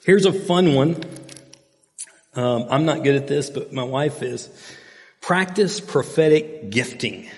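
Conversational pastor in a reverberant hall. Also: male voice, mid-range voice, expressive, slow, pauses often, darkish tone. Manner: conversational storytelling with fillers and asides. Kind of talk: sermon.

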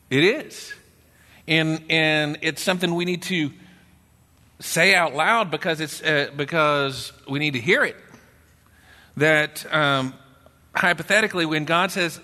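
A man with a Texan accent preaching a sermon in church, talking conversationally and dropping into a low grumbling voice when he acts out a doubter. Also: a little slow, long pauses, sharp tone. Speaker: pastor. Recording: long reverb in a church hall.

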